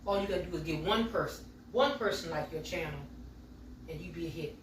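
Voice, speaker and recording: This is a chatty baking vlog from a middle-aged woman's home kitchen, where she addresses viewers as y'all. Her voice is low and a little fast. Recorded from afar in an echoey room, there's a little hiss or hum.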